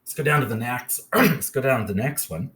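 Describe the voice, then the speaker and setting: A man's voice: medium pitch, expressive, brisk, fairly bright tone. A man teaching a phonics lesson step by step, patiently checking in with "okay?" as he goes.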